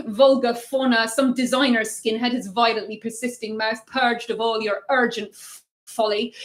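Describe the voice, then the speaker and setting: A woman's voice: fairly high pitch, echoey room. A woman poet giving a rhythmic, wry poetry reading with sudden emphatic bursts, streamed live. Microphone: livestream.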